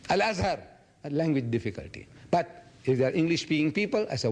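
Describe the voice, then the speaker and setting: Animated older man lecturing. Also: on the high side, a little fast. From South Africa. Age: 70s. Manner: animated, acts out dialogue in quoted voices. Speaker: lecturer answering audience questions. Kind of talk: public lecture Q&A.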